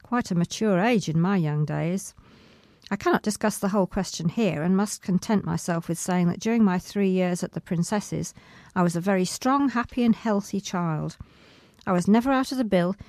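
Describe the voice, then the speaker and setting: A woman reading a memoir aloud in the first person, with expressive delivery. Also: medium pitch, no echo, clean studio sound. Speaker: reader.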